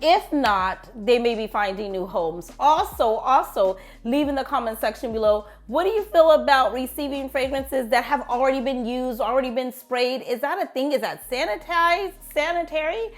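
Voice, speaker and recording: Woman vlogger, chatty, higher voice, talks to viewers like girlfriends. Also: animated, normal speed, hardly any pauses. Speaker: beauty vlogger. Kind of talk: casual chat to viewers.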